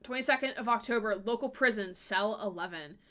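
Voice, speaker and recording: A woman's voice: mid-range voice, a little fast, pushed and bright. A woman streamer giving casual, chatty let's-play commentary, giggly and full of fillers.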